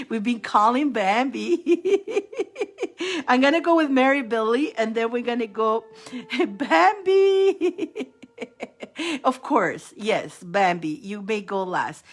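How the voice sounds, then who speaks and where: Woman tarot reader on a live stream, chatty and name-repeating, mid-pitched voice. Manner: chatty, repeats names, laughs often.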